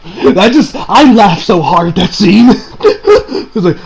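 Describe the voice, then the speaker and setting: A man giving a casual, excited review of an anime episode, often laughing and acting out lines from the show. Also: high-pitched, slow, vocal fry, a crowd in the background, poor audio. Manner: excited, laughing, acts out quotes in funny voices.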